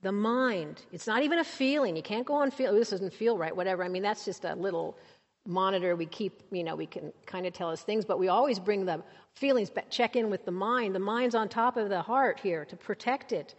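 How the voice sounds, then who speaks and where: A woman preaching a sermon to a congregation, emphatic and conversational, rising to high exclamations. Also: fairly quick, highs cut off. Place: church. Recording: long hall reverb.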